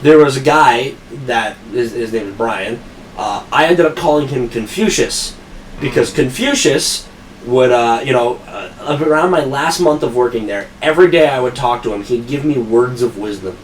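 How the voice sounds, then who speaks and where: A man's voice: medium pitch, expressive, moderate pace, far from the mic, slight background noise, poor audio. A young man hosting a podcast who tells long, rambling work stories full of swearing and laughs at his own punchlines. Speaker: podcast host. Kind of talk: casual storytelling chat.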